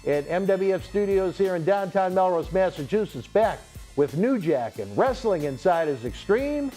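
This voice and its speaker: Lively high-voiced male talk show host. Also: moderate pace, faint music behind. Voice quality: announcer-style sign-off. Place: studio.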